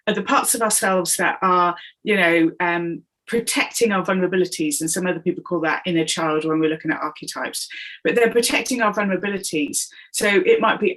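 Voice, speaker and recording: A woman's voice: on the low side, fairly quick, low-quality recording. A woman, a coach and comedian, talking as a guest in an interview and acting out the voices she quotes. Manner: animated storyteller who acts out quoted voices. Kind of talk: conversational interview.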